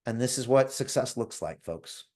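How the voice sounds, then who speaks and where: A man hosting a live call and giving a motivational pitch, speaking emphatically, calling on listeners by name and asking "right?" again and again. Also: lively intonation, moderate pace, dark tone. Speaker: host pitching an investment club.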